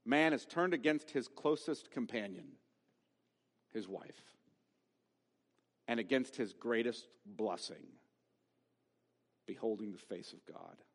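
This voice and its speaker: A man's voice: medium pitch, expressive, slow, pauses often, big-room sound. A man preaching a sermon as pastor, emphatic and given to rhetorical questions. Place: church sanctuary.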